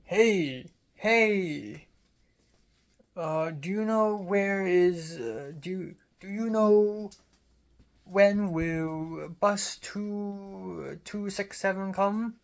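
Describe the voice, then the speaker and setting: A man putting on the voice of a friendly, frail old woman who speaks English with a Cantonese accent, in a halting, hesitant way. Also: high voice, vocal fry, pitched above the performer's own voice, exaggerated voice. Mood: asking.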